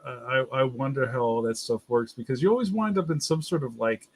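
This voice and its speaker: A man's voice: medium pitch, brisk. Easygoing male guest. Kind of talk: casual chat.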